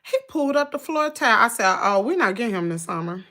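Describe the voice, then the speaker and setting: A woman's voice: on the high side, animated, quick pace, pushed and bright. A middle-aged woman with a Southern US accent, chatting casually with viewers on her livestream in a folksy way. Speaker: livestream host.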